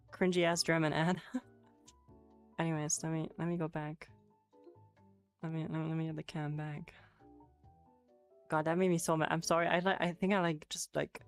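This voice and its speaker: A woman streaming a casual Japanese lesson on a headset, answering chat with giggles and swearing. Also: low voice. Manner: giggly, swears, chatty and loose. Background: faint music playing.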